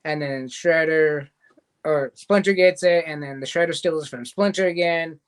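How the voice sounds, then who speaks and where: Brief: male host, higher-pitched, rambling casual episode recap. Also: unhurried, clear, resonant tone. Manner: rambling recap, loose quoting of scenes. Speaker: show host reviewing a cartoon series. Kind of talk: casual review chat.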